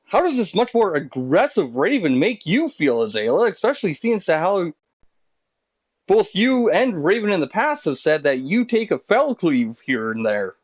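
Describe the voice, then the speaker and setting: A man's voice: high-pitched, very animated, normal speed, poor audio. A man doing jokey, rambling commentary over a video game wrestling match, teasing his co-hosts. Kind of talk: jokey role-play commentary.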